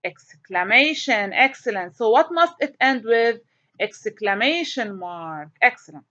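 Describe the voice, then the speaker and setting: A woman's voice: on the high side, unhurried. A woman teaching a grammar lesson, asking questions and answering them herself. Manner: animated, asks and answers her own questions. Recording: dull lo-fi recording.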